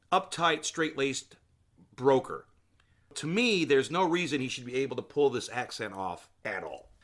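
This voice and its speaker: A man talking alone on his podcast in a loose, chatty way, full of filler words and side tangents. His pitch sits in an ordinary middle range. He shares blunt opinions and often turns to address the listener. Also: fairly bright tone. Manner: casual, rambling, many filler words and asides; opinionated, talks to the listener directly. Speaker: podcast host. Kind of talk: solo comedy podcast movie recap.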